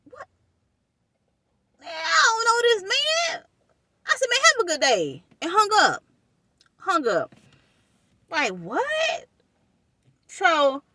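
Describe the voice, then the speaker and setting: Animated young woman. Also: sits high, no echo. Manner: animated, addresses viewers as y'all. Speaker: vlogger telling a personal story. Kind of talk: casual storytime chat to viewers.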